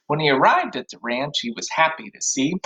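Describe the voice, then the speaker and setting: Animated man teaching kids music. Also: on the high side, a little fast, low-quality recording. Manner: sing-song, animated call-and-response. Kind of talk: children's online music lesson. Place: home room, recording to a computer.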